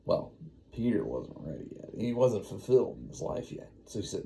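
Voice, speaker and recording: Gravelly, rambling dad telling a story. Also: male voice, fairly low pitch, big pitch swings, moderate pace, warm tone, slight background noise. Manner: rambling, laid-back, full of "you know". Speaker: father. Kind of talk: improvised bedtime storytelling.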